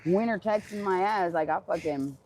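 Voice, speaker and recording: A woman's voice: on the low side, normal speed, a little mellow, slight background noise. A woman chatting outdoors in the freezing cold on a clip-on jacket mic, ranting bluntly and swearing freely. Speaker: vlogger. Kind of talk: casual outdoor chat.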